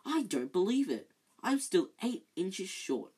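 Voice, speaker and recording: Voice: mid-range voice, sing-song, fairly quick, slightly rough. A reader voicing a frantic teenage boy student who grumbles about his homework. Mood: grumbling. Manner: complaining, desperate.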